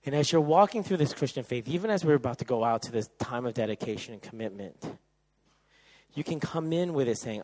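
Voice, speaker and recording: A male pastor preaching a sermon, moving from loud emphatic bursts to soft, hushed passages. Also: mid-range voice, expressive, a little fast, poor audio.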